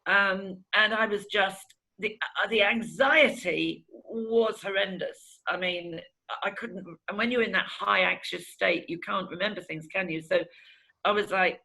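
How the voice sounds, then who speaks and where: Woman, middle-aged, bright tone, candid testimonial, animated retelling. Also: medium pitch, measured pace, gravelly, low-quality recording. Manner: candid and animated, acts out past conversations. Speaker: interviewee giving a testimonial. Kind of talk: emotional personal testimony.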